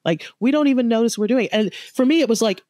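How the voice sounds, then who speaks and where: A woman's voice: fairly high pitch, lively intonation, fast, warm tone, dry recording, clean studio sound. A woman in her fifties, a guest author in a conversational interview, who talks animatedly and acts out quoted dialogue. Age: 50s.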